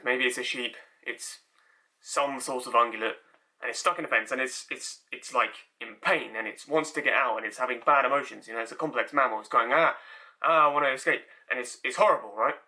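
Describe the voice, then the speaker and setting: Male comic monologuist, sardonic and rambling, very bright timbre. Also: medium pitch, fairly quick. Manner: rambling, sardonic, repeats himself. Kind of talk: stand-up style monologue.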